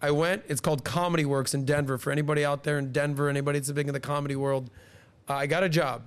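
Man host, thirties, lively anecdote teller, slightly higher voice, casual podcast chat. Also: quick pace, clean tone. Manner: animated, acts out quoted people in higher voices.

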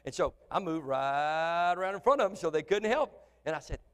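High-voiced pastor preaching in a reverberant hall. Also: male voice, normal speed, smooth. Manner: animated preaching that swings between shouting and soft asides. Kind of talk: sermon. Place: church sanctuary. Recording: long church hall reverb.

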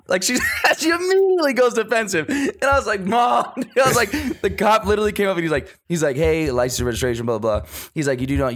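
A young man from Las Vegas telling stories in casual podcast chat, animated, swearing often and laughing as he talks. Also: high voice.

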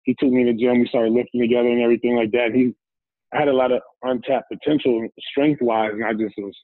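A former football player, a guest in a relaxed interview, speaks fast in a medium-pitched voice over a narrow, phone-like line that is completely dry with no echo. Easygoing and rambling, he drifts through a personal story, acting out what people said.

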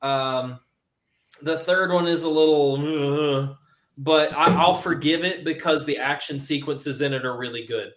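A young man chats eagerly as a podcast co-host, tumbling through his points with plenty of ums. His voice sits a touch high, and the room around him rings with a noticeable echo. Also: a little slow. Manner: enthusiastic, rambling with fillers. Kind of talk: casual chat.

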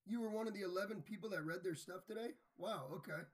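An upbeat man hosting a casual podcast and introducing his co-hosts. His voice is husky and sits a little high. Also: fast. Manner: upbeat, hypes up the show. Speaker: podcast host. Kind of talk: casual chat.

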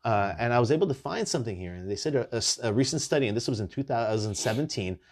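A fast-talking podcast host, his voice pitched in the middle, spins animated stories during laid-back conversation and curses without restraint.

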